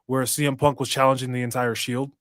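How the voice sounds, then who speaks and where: A man co-hosting a wrestling podcast, an eager fan with quick reactions. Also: mid-range voice, flat delivery, fairly bright tone, dry recording, studio quality. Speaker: podcast co-host. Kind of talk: casual wrestling chat.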